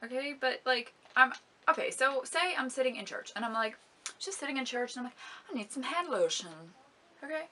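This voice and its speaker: A woman's voice: high-pitched, brisk, pushed and bright. A young woman vlogger chatting casually about beauty products, giggling often and complaining dramatically. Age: young adult. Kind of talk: casual product review vlog.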